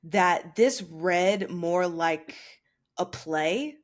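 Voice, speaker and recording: A woman co-hosting a podcast, speaking in a thoughtful, measured way in casual chat. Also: fairly low pitch. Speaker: podcast co-host.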